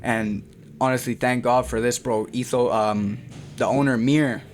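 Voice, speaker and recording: Faint music plays as a young Canadian boxer with a medium-pitched voice talks at a measured pace. Telling his story in a casual interview, he's animated and full of slang, often using "bro" for the host.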